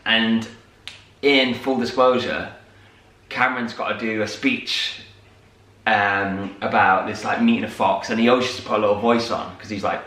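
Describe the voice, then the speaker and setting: Male co-host, casual rambling storyteller, bright tone, roomy distant sound. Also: fairly low pitch, steady tone, moderate pace. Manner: chatty storyteller, many fillers. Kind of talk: casual morning chat. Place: home room. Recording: echoey room, mic at a distance.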